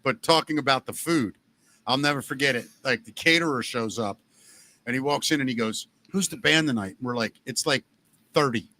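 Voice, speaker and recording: A man hosting a podcast in casual chat, telling animated stories and swearing freely. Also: medium pitch, fairly quick. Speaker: podcast host.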